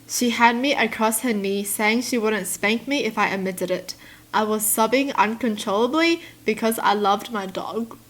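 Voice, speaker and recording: A young woman reads out stories and reacts to them in animated casual chat, laughing often. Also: medium pitch. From Australia. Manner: animated, laughs often, slips into mock voices. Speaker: YouTuber reading and reacting to stories.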